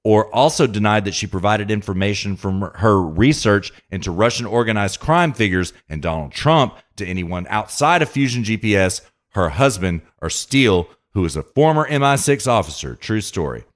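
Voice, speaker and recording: Guy hosting a political podcast, lowish voice, reads the article then rants at the listener. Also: lively intonation, normal speed, hardly any pauses. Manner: emphatic, reads news aloud and comments, addresses listener directly. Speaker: podcast host. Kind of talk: political commentary monologue.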